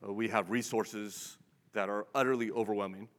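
A man's voice: on the low side, steady tone, normal speed, fairly bright tone. A male pastor giving a conversational sermon, asking his listeners rhetorical questions and often repeating words as he restarts. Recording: long reverb of a large hall.

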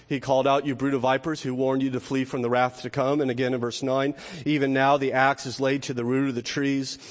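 A man preaching a sermon as pastor, impassioned, rising to shouts when he quotes. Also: medium pitch. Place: church sanctuary. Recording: reverberant hall.

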